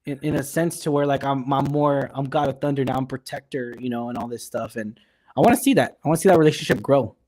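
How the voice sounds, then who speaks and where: A man's voice: medium pitch, fast, a little mellow. A man co-hosting a live podcast, talking through his thoughts in a rambling way with many restarts. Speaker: podcast co-host. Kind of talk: live podcast chat about films.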